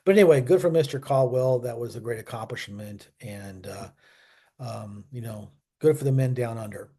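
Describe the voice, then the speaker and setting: A man's voice: medium pitch, moderate pace, mellow, slightly rough. A man hosting a history channel, talking casually and off the cuff, with lots of fillers, restarts and self-corrections. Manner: chatty, asks viewers to subscribe. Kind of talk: casual unscripted history talk.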